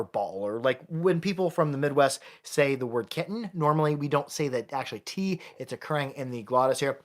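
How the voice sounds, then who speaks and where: In a medium-pitched, fairly bright voice, a man teaches a casual live-streamed jaw harp lesson; he both plays and builds the instruments. His manner is chatty, with frequent sentence restarts.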